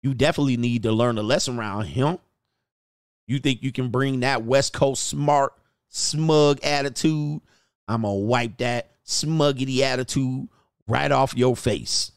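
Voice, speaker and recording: A man voicing a bigoted, menacing old small-town judge who taunts in a slow drawl. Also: medium pitch, clean tone, no echo, clean studio sound, lightly acted. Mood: taunting. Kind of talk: mock role-play on a livestream.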